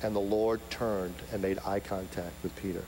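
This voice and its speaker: A man preaching a sermon, swinging from loud, emphatic peaks to soft, intimate asides. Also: low-pitched, steady tone, moderate pace. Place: large church sanctuary. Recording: hall reverb, faint hum.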